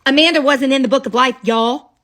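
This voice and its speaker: A woman's voice: high voice, a little fast, a bit bright. A woman telling a childhood story straight to a phone camera, casual and dramatic, with chatty asides.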